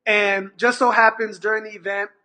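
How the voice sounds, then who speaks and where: A man's voice: high voice, normal speed. A middle-aged man, an after-school program manager, telling a story as a guest and acting out the dialogue in it, with lots of restarts. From California, USA. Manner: animated, acts out quoted dialogue, many restarts. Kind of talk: storytelling in conversation.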